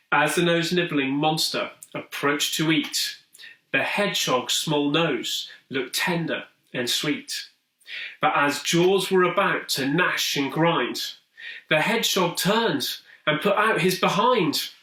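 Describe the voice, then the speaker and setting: A man's voice: a little high, slow pace, bright, forceful tone. A man reading a rhyming children's story in a sing-song, rhythmic way. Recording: roomy echo, distant mic.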